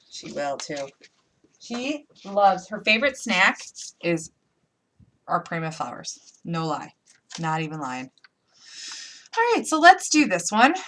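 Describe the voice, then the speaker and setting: A woman with a lowish, fairly bright voice and an upstate New York accent hosts a live crafting tutorial. Playful and chatty, she talks her way through every step, thinking aloud while working.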